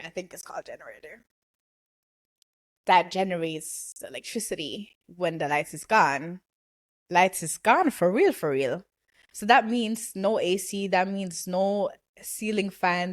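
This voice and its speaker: A young woman from Ghana hosting a podcast, chatting casually, laughing often and dropping into Caribbean slang. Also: medium pitch. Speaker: podcast host. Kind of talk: casual chat.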